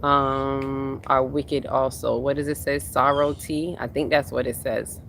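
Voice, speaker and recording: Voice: mid-range voice, little pitch movement, measured pace, vocal fry, a bit bright, slight background noise. A spiritual workshop host talking casually on a livestream, reading viewers' comments aloud and repeating phrases for emphasis. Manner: reads chat comments aloud and answers them.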